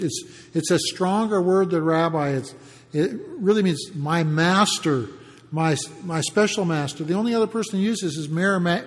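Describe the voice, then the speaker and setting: A man's voice: high-pitched, big-room sound. A man preaching a conversational Bible teaching sermon, explaining a passage with frequent restarts.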